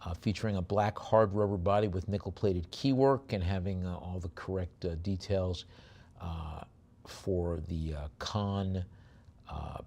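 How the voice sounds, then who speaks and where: A man's voice: low-pitched, a little mellow. A man working as an auctioneer at a live sale, describing each lot with chatty, rambling asides and then rattling off bid calls.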